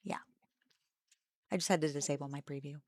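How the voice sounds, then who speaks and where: A woman co-hosting a casual gaming livestream, laughing loudly, swearing freely and teasing her partner in mock anger. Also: sits low, brisk, no room sound, clean studio sound. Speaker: streamer and co-host. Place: home streaming setup.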